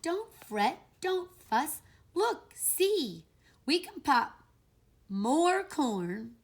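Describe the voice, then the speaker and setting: High, squeaky, gentle little mouse, a woman doing it for a children's picture-book read-aloud. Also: sing-song, extremely slow, full character voice. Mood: soothing. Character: small, fussing, kind little mouse.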